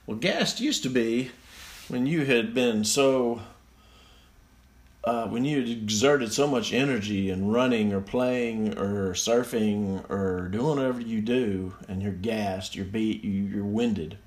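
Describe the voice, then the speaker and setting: A low-voiced man takes his time going through slang definitions on a phone recording, ridiculing them in an offhand solo riff. He's sarcastic and quick to crack himself up.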